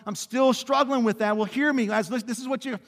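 A man preaching a sermon as pastor, animated and questioning, calling on the congregation to answer back. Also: very high-pitched, fairly quick, big-room sound. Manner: animated preaching, drops to quiet emphasis and rises to shouts; asks the congregation questions and calls for responses.

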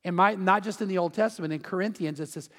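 High-voiced pastor preaching in a hall. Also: male voice, fast talker, fairly bright tone. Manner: conversational preaching with acted-out quotes and stories. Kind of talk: sermon. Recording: long hall reverb.

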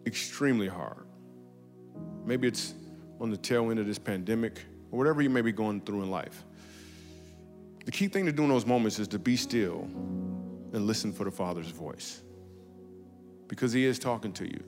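A man's voice: fairly low pitch, moderate pace, pauses often, music in the background. A man preaching a casual, comedic sermon in a church, telling stories and jokes in a conversational way. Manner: conversational, joking, animated storytelling. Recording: long hall reverb.

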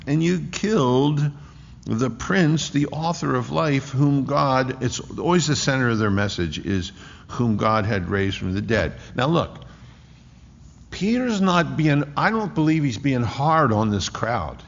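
A man preaching a sermon in an emphatic way, often restarting with quick repeated words. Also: medium pitch. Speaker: pastor. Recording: echoey hall, dull lo-fi sound.

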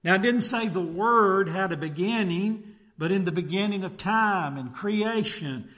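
In a church, a man reads scripture aloud and then preaches a sermon on it, using rhetorical tag questions to draw his listeners in. His voice sits a little higher than most men's, with a fairly bright tone and measured pace.

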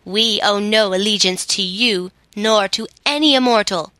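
A scowling king of evil creatures hurls angry, impudent defiance, as a woman narrator puts him on. The delivery is slow and deliberate, with a bright, forceful edge in a dry storybook recording. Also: mid-range voice, no echo. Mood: defiant. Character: fierce scowling male goblin king, impudent.

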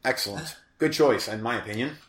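A man's voice: mid-range voice, brisk, a bit bright, echoey room. A man co-hosting a casual podcast chat, rambling and self-deprecating, with lots of fillers and a crackly voice. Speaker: podcast co-host.

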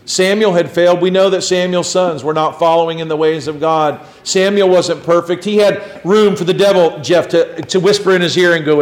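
A middle-aged pastor preaching a sermon, his voice sitting a little high for a man. He pushes some lines out loud and drops others to a low hush. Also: normal speed. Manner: preaching with swings between loud emphasis and quiet low lines.

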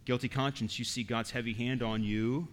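A man's voice: medium pitch, fairly even intonation, moderate pace, a little hiss or hum. A man preaching an expository sermon as pastor, earnest and emphatic, often repeating words as he goes.

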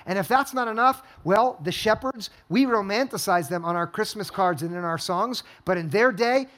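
A man's voice: high voice, a bit bright. A male pastor preaching a sermon, telling stories and asking a string of rhetorical questions to a congregation in a church hall. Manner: storytelling, asks repeated rhetorical questions.

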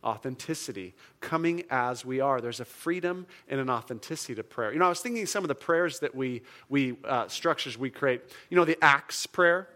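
A man's voice: moderate pace, few pauses. A man preaching a sermon in a casual, conversational way, full of fillers and restarts and jumping up for emphasis. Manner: animated, jumps up in pitch and volume for emphasis. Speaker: pastor.

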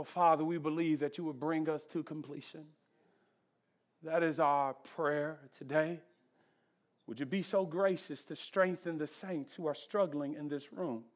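A man preaching a sermon as pastor, speaking in rhythmic repeated phrases that rise to shouts and then drop to a soft, hushed prayer. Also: a little high.

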